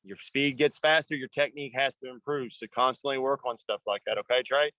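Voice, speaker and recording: A man's voice: medium pitch, fairly quick, bright, forceful tone, no room sound, low-quality recording. A man coaching young motocross riders, talking in an earnest, rambling way and often asking "you know what I mean.". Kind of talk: casual coaching talk.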